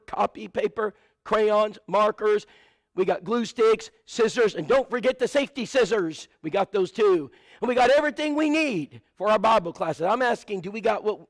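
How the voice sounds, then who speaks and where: Recorded dry with no room sound, a man whose voice sits high delivers a sermon full of stories, lists of supplies, and asides to his congregation.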